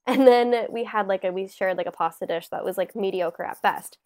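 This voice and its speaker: A young woman co-hosting a podcast, telling a story in a casual, animated way, full of "like" and acted-out quotes. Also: medium pitch, a little fast. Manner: animated storyteller, lots of "like", acts out overheard lines. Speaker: podcast co-host. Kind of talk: casual chat.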